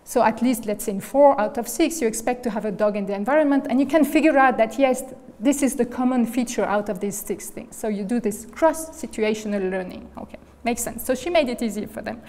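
A guest lecturer, a woman with a slightly high, somewhat mellow voice, delivers an academic lecture at a brisk pace in a large hall where long reverb follows every phrase. She lays out her argument one step at a time, frequently checking in with the room with "okay?" and "right?".

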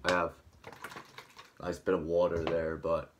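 A man's voice: deep voice, little pitch movement, measured pace, slight background noise. A young man with a dry throat, rambling casually to camera at home early in the morning, still waking up. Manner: rambling, filler-heavy, just waking up. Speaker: vlogger.

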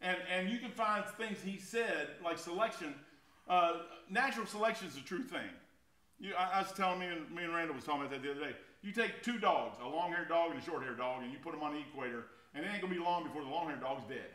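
A middle-aged man delivers a sermon in a folksy, conversational way. His voice sits a little high and rings bright and forceful. He swings from loud, driving swells down to quiet, intimate drops. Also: fast. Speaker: pastor.

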